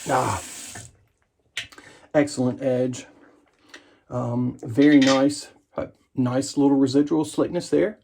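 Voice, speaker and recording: This wet shaving channel host talks slowly in a medium-pitched, gravelly, slightly mellow voice with fairly even intonation and long pauses. He shaves in his home bathroom while rambling and making self-deprecating jokes, with a little hiss or hum in the background.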